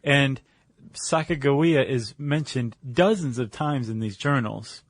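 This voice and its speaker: Man, podcast co-host, casual chat, rambling with fillers, mid-pitched voice, dry close sound. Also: unhurried, dry recording. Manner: loose, rambling, full of "like" and "um".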